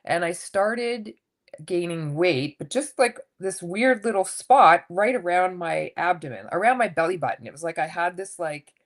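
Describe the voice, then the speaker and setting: A woman in her fifties with a low voice talks openly and casually in a podcast interview. She tells her story in a lively way and acts out the lines of others. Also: moderate pace. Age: 50s. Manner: candid, animated storytelling with acted quotes. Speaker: guest coach.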